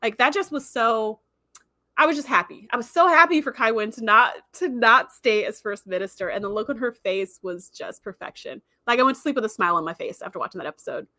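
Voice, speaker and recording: Woman, livestream host, casual and animated; fairly high voice, dry close sound. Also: a little fast, no room sound. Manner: animated retelling, acting out characters' lines.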